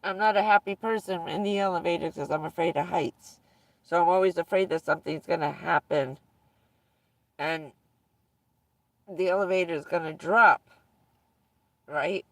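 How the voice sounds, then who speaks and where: A woman's voice: on the low side, moderate pace, pauses often, no echo, far from the mic. A woman vlogger casually telling rambling personal stories to her viewers, often breaking into laughter mid-sentence.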